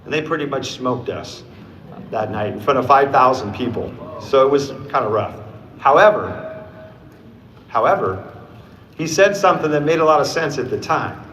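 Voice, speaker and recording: A man's voice: medium pitch, lively intonation, fairly quick, a bit bright, a little hiss or hum. A man in his fifties, a company CEO giving a motivational sales speech on stage, telling stories and acting out the dialogue. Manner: storytelling, acting out quoted dialogue. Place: stage in a large event hall. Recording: echoey hall sound.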